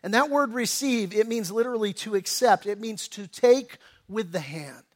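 A middle-aged man preaching a sermon in a high, light voice. As a pastor, he talks conversationally and tells stories, stumbling over and repeating words as he goes. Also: normal speed. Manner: conversational storytelling with lively acted-out quotes.

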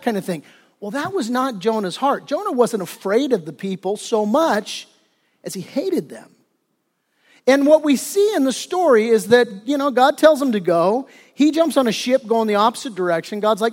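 High-voiced pastor in an echoing hall. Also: male voice, animated, moderate pace. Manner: conversational, retells scripture with casual asides. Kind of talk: sermon. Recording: long reverb of a large hall.

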